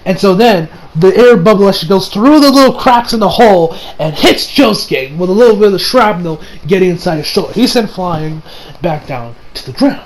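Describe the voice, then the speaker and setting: A man with a high voice recaps an anime episode. He rambles excitedly with many restarts and swears. There is a faint hum of room ambience behind him. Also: brisk. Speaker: anime reviewer.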